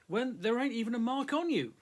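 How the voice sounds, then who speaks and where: A man's voice: very high voice, expressive, brisk, pitched above the performer's own voice. A man reading aloud voices a nervous male tavern patron who talks in slang. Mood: defensive. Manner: slangy, defensive.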